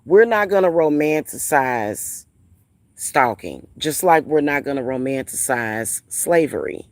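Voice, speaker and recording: A woman's voice: a bass voice, animated, unhurried, no echo. A woman vlogger ranting casually at home, blunt and profane, repeating phrases for emphasis. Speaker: spiritual reader and vlogger.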